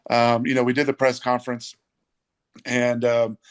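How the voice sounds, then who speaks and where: A man in a casual podcast chat recalls a story in a mid-range voice. He speaks slowly and thoughtfully, with frequent fillers. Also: medium pitch, monotone. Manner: reflective, many fillers. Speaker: sportswriter guest.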